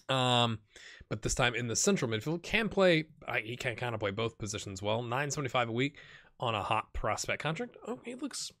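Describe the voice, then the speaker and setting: A man with a slight cold talks through his game in a loose, chatty let's play style, thinking out loud and dropping dry little jokes. His voice sits in a middle range but has a bright, forceful edge. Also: medium pitch. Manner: chatty, thinking aloud, wry asides. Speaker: game commentator. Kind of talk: casual let's play commentary.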